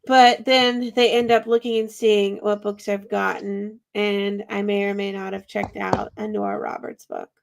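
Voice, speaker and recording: A woman guest on a casual podcast, teasing and playful in her talk. Her voice carries a gravelly fry. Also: mid-range voice, flat delivery, unhurried, hardly any pauses. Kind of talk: casual chat.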